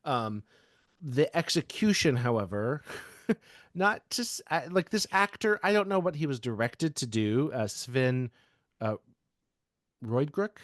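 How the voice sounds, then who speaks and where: A man's voice: medium pitch, big pitch swings, takes it slowly, long pauses, no room sound, clean studio sound. A man from the American South co-hosting a podcast, talking casually with lots of fillers and restarts. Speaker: podcast co-host. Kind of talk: casual chat.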